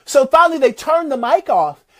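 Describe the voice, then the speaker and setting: A man giving a motivational talk, retelling a success story in an animated, preacher-like way. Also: very high voice, normal speed. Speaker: motivational speaker.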